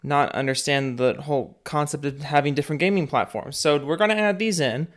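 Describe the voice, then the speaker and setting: A man's voice: on the high side, brisk. Guy doing sarcastic reaction commentary, exasperated, not buying any of it. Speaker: reaction video host.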